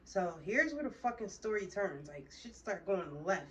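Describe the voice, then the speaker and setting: A woman's voice: medium pitch, very animated, normal speed, fairly bright tone, highs cut off. A young woman telling a story casually, rambling and swearing a lot as she goes. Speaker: storytime vlogger. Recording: distant mic with faint room noise.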